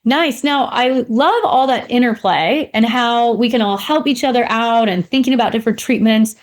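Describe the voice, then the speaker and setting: A woman's voice: fairly high pitch, normal speed. A woman hosting a podcast interview, asking friendly open questions of her guest. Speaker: podcast host.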